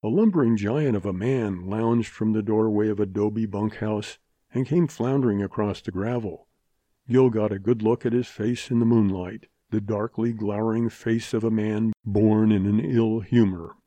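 Male audiobook narrator, low mellow voice, dry close recording, steady telling. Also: moderate pace, no echo. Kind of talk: audiobook reading of a western.

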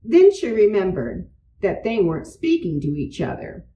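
A woman's voice: medium pitch, normal speed, highs cut off, a little hiss or hum. A woman reading a children's storybook aloud, recorded at a distance in a roomy space. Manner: expressive, changes voices for characters. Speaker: narrator.

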